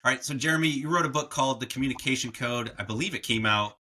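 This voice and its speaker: A man's voice: medium pitch, quick pace, sharp tone. A man hosting a podcast interview, enthusiastic and setting up his questions at length. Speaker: podcast host. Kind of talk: casual interview.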